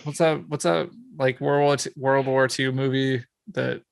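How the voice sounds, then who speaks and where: A man's voice: mid-range voice, little pitch movement, unhurried, creaky, smooth, no room sound. A man hosting a podcast, chatting casually in a joking, swearing manner that trails off mid-sentence. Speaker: podcast host. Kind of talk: casual chat.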